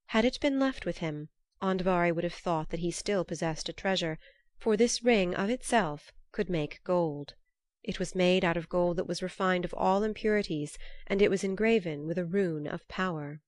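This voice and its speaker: A woman narrating an old myth in a measured, unhurried storybook reading. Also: fairly low pitch, no echo.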